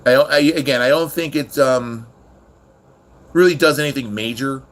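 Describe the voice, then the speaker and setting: A man's voice: mid-range voice, normal speed. Rambling, profane man streaming live. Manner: rambling, profane, irritated with chat. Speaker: livestream host. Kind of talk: casual livestream chat.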